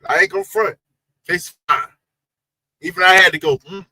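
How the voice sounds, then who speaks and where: A man co-hosting a reality TV recap chat, animated, emphatic and full of slang. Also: sits high, a little fast, dry recording, poor audio. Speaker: co-host of a reality TV recap show. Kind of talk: casual chat.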